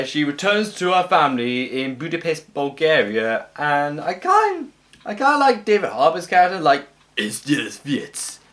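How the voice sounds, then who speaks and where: A man's voice: a little high, a bit bright. A man talking casually about upcoming movies in a vlog. He is opinionated and wry, with many "uh"s and restarts. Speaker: movie vlogger. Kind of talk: casual movie preview talk.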